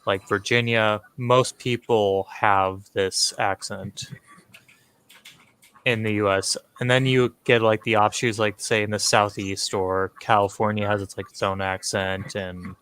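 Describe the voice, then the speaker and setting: Midwestern American male co-host, resonant low voice, measured explainer. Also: little pitch movement, a bit bright, clean tone. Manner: explanatory, measured, builds points in lists. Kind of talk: casual chat.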